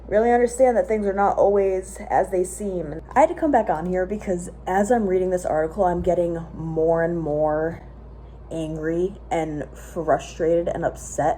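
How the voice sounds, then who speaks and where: A young woman talking casually to the camera in a vlog, animated and outspoken, chatty and self-joking. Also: fairly low pitch, slight background noise. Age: young adult. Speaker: student vlogger.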